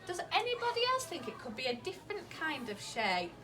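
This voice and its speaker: A woman teaching a maths lesson to a class of young children, slowly asking questions, encouraging their answers and repeating them back. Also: high-pitched, wildly swooping pitch. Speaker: early years teacher.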